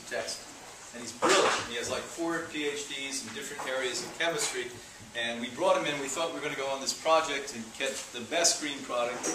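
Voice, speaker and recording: Male health lecturer, animated and wry, caught from a distance in a reverberant room. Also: medium pitch, background noise. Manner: animated, joking, mocking asides. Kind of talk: live lecture to an audience. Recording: echoey room, speaker far from mic.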